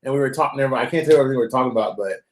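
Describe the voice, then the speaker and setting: A man's voice: medium pitch, racing, heavy background noise. A man hosting a live call-in show. He talks in a loose, rambling, joking way and chats with callers. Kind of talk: casual live-stream chat. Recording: roomy echo.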